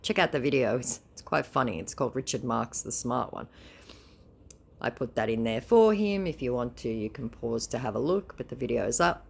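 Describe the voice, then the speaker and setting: A woman's voice: a bass voice, lively intonation, moderate pace, vocal fry, husky. A woman recapping a chat with a scammer in a sarcastic, teasing way. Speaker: scam baiter.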